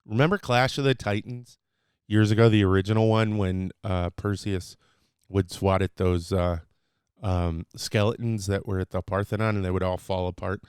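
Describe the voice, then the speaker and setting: A man hosting his own podcast, chatting loosely and unscripted, teaching short phrases with lots of fillers and the odd excited burst. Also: low-pitched, normal speed, clear, resonant tone, dry recording, clean studio sound. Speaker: podcast host.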